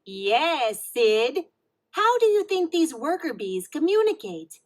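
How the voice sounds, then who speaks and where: A woman's voice: sits high, very animated, slow pace, exaggerated voice. A woman playing a kind, patient preschool teacher who explains things encouragingly in a storybook read-along.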